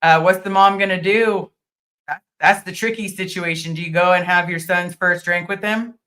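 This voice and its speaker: A woman's voice: lowish voice, fairly even intonation, moderate pace, bright, forceful tone. A middle-aged woman hosting a casual livestream, reading viewer comments aloud and answering them in an earnest, thankful way with frequent ums. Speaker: livestream host.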